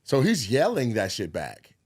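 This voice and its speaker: This co-host's mid-range voice is slightly rough, and he keeps a measured pace in a studio-quality recording without echo. Telling a story casually on the podcast, he animatedly acts out quotes and swears a lot.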